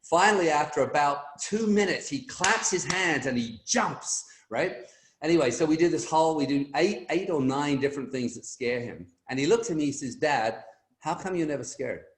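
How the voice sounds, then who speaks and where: Animated middle-aged male storyteller, echoey. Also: on the high side, moderate pace. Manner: energetic, animated storyteller acting out quotes. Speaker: guest speaker. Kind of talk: motivational storytelling on a team call. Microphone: video call.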